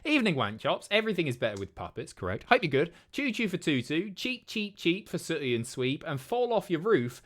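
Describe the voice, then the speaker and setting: A man's voice: fairly high pitch, big pitch swings, a little fast, hardly any pauses, a bit bright. Sweary mocking male streamer. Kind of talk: casual stream commentary.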